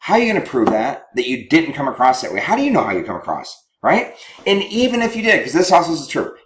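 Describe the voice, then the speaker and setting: A man teaching as a marriage counselor, animated and chuckling, often acting out quoted lines. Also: a little high, fast. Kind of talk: teaching talk to couples. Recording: roomy echo.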